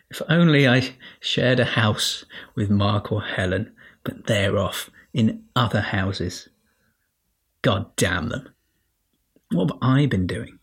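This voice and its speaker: A lowish, slightly breathy male voice hosts a podcast solo in a casual monologue. He chats playfully and wryly, firing off rhetorical questions at his listeners.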